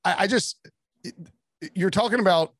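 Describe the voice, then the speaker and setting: A man talking casually as a sports writer guest on a podcast, rambling with quick asides and restarts. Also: high voice, a bit bright, no room sound.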